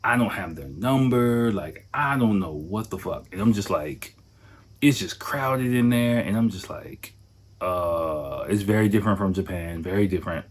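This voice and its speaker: Low-voiced male host, loose and rambling storyteller, swears often, leans on fillers. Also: moderate pace. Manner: rambling, profane, full of "like" and "you know". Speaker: podcast host. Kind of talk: casual storytelling monologue.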